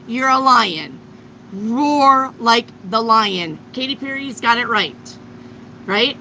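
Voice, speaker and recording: Blunt, bright-voiced woman reading tarot. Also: on the high side, lively intonation, slow pace, a little hiss or hum, low-quality recording. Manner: blunt, emphatic, swears freely. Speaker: tarot reader. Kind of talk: live tarot reading to viewers.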